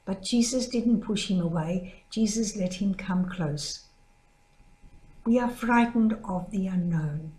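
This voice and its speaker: An older woman, a religious sister, giving a gentle spoken reflection built around a story, lifting her voice to act out the people she quotes. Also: slow pace. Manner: storytelling, acts out quoted voices with higher pitch. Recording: echoey room.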